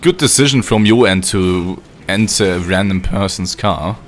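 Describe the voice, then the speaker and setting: A man's voice: low-pitched, moderate pace. A young man live-streaming a game, chatting casually with viewers, joking, swearing and laughing often.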